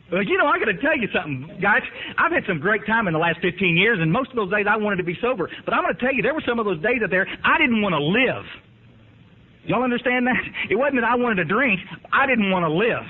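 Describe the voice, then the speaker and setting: A man telling his recovery story in a folksy, emphatic way, often asking the room if they follow. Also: high-pitched. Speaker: recovery speaker. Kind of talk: recovery meeting talk. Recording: tinny lo-fi archive tape.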